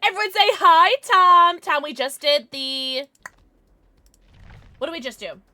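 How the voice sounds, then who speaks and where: A woman live streamer chatting casually with her viewers, chatty and quick to swear. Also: extremely high pitch. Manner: chatty, lively, swears freely.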